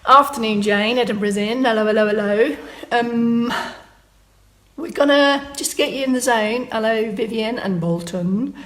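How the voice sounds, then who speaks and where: A woman's voice: fairly high pitch, unhurried, a bit bright. A woman, leading a live-streamed exercise class from a room at home and chatting as she reads out viewer comments.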